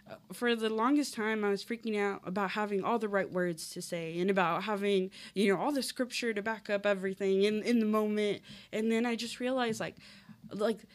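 A woman in her twenties talking earnestly in casual conversation, with many fillers. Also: mid-range voice. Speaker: guest.

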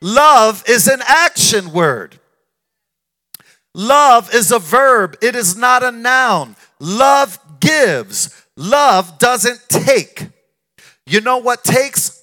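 A man's voice: very high voice, sing-song, extremely slow, bright, forceful tone. A man preaching a sermon as pastor, emphatic and repeating his phrases in call-and-response style.

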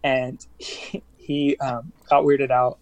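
A young man talks through a relaxed podcast chat at an ordinary pitch. He rambles, circles back and fills gaps, sounding upbeat and eager to share. It comes across as loose and unscripted. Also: slow pace. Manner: rambling, upbeat, lots of fillers and restarts. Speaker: musician guest. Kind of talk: casual podcast interview.

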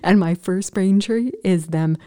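Animated woman vlogger with a mellow voice. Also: mid-range voice, normal speed, smooth. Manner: animated, makes sound effects, frequent restarts. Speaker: vlogger telling a personal story. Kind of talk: casual storytelling to camera.

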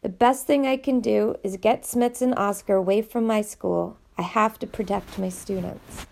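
A woman voicing a weary, sympathetic middle-aged male headmaster, speaking gently and apologetically in an audiobook reading. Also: mid-range voice, steady tone, moderate pace, gravelly, close to an everyday voice. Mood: apologetic.

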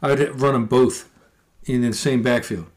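A man's voice: medium pitch, unhurried. A man co-hosting a casual sports podcast, telling stories with lots of swearing and acting out what others said. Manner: animated storyteller, swears freely, acts out quotes. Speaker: podcast co-host.

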